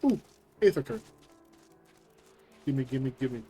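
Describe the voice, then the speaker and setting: A man's voice: medium pitch, animated, takes it slowly, mellow, a little hiss or hum. A man streaming a game, chatting casually and joking about what happens on screen. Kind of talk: casual live-stream commentary.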